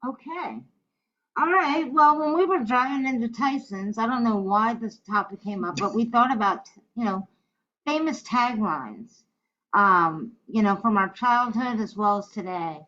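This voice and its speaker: A woman with a fairly high voice co-hosts a casual podcast, moving through her topics with frequent ums. The recording is dull and lo-fi. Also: lively intonation, unhurried, fairly bright tone. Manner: hesitant, many fillers. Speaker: podcast co-host. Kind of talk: casual chat.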